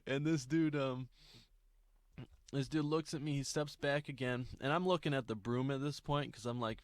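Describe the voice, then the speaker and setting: A man's voice: mid-range voice, steady tone, moderate pace, no room sound. Rambling young man telling a story. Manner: rambling, laughing, swearing, many restarts. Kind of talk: casual storytime vlog.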